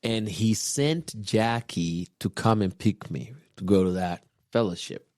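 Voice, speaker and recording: Deep-voiced man telling a story. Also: measured pace, no echo, studio quality. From Kenya. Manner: relaxed storyteller, chuckling often, quoting others. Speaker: podcast guest. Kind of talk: personal storytelling in casual chat.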